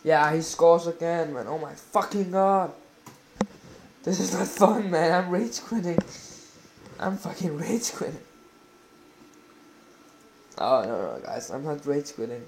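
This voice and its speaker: A man giving live commentary while playing a football video game, exclaiming and swearing excitedly at the action. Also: on the high side, unhurried, long pauses, slight background noise.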